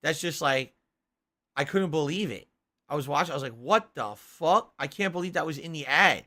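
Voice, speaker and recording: A man's voice: fairly high pitch, a little fast, bright, forceful tone. A man hosting a stream, ranting in casual chat with an incredulous tone. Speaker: streamer host.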